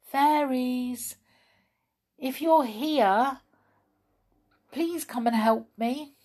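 A practical young boy voiced by a woman speaks plainly, in a slow, unhurried way. His lines still move up and down a good deal. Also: mid-range voice, sing-song, creaky, exaggerated voice.

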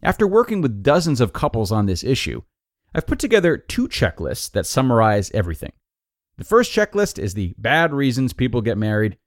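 A man hosting a podcast, reading a blog post aloud in a lively, expressive way. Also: medium pitch, brisk, no echo, clean studio sound. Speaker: podcast host and narrator.

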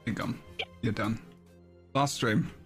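A man's voice: mid-range voice, fairly even intonation, takes it slowly, music in the background. A man hosting a gaming podcast in casual banter, teasing his guests, laughing often and trailing off with ums. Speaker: podcast host.

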